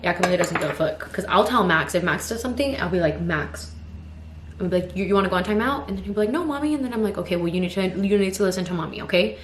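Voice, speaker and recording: Here a twentysomething mom of two toddlers who vlogs lets off steam in a casual, rambling get-ready-with-me session, leaning hard on "like" and "you know." She speaks fast in a fairly low voice. There's a little hiss or hum, plus a roomy echo and faint ambience.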